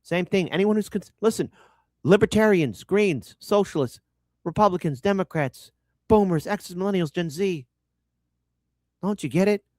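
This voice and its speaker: A man hosting his own commentary show, ranting with crude sarcasm and mockery. His pitch swings widely as he talks, rising into shouted jabs. The sound is dry and close, with no room echo. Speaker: show host.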